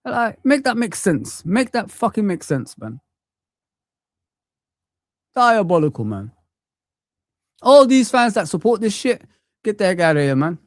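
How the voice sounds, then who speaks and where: A high-pitched, very animated man in his thirties or forties rants on a live football watch-along, sweary and full of "man" tags. Despite the passion he keeps a measured pace with long pauses, and the studio-quality audio has no room sound.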